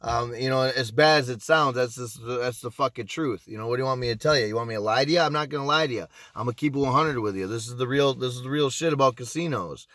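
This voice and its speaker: A man's voice: medium pitch, fairly bright tone, no room sound. A man who used to be a casino pit boss tells a story in casual, blunt vlog talk. He swears, restarts his sentences and keeps asking "you know what I'm saying?". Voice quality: blunt, profane, repeats himself.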